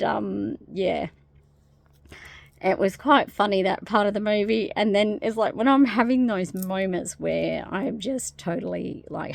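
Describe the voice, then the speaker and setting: A woman talking casually to camera in a spiritual vlog, rambling softly with many fillers. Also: medium pitch, gravelly, dry recording. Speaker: spiritual vlogger.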